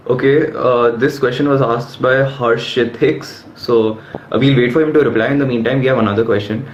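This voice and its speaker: A man's voice: medium pitch, fairly even intonation, normal speed. Polite man host in a roomy room. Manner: polite, addresses guest as sir. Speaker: live session host. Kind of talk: reading audience questions. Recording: roomy lo-fi live stream with faint noise.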